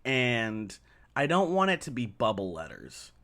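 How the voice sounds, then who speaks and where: A man co-hosting a podcast in casual chat, playful and quick to laugh. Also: medium pitch, huge pitch swings, fairly bright tone. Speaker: podcast co-host.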